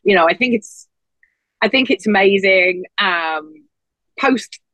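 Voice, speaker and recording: A woman talking casually as a podcast guest, telling lively stories and putting on high voices for quotes. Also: slow pace, no echo. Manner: animated storyteller, acts out quotes in a high voice. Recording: dull, dry lo-fi sound.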